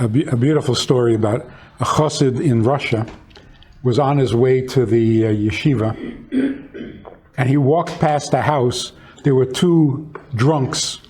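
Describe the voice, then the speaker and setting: A man's voice: measured pace, pauses often, darkish tone. A man, a rabbi, teaching in conversation, reflective and fond of telling stories, raising his voice when he acts out quotes. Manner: storytelling, reflective, acts out quotes with raised pitch.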